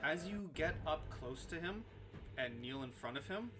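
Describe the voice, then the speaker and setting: A man running a tabletop game as game master, in measured, descriptive narration. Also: on the high side, expressive, music in the background.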